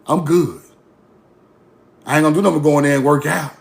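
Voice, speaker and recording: A man's voice: on the high side, steady tone, fairly quick, gravelly. A man ranting casually to his online audience, blunt, profane and mocking, repeating himself for effect. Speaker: online commentator. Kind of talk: casual rant to camera.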